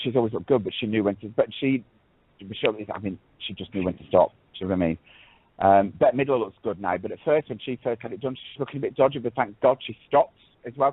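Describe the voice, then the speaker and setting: A man co-hosting a radio talk show, his speech fast and slightly husky. He rambles and restarts, throwing in a "darling" here and there. The audio is tinny and phone-like, with a dry sound. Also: medium pitch, dry recording. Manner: rambling, self-correcting, fond of "darling". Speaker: co-host. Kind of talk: casual radio chat.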